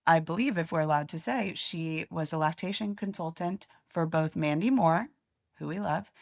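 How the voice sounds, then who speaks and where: Young woman, low-pitched voice, podcast co-host, chatty, enthusiastic, rambling restarts. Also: moderate pace, vocal fry, a little mellow. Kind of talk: casual chat.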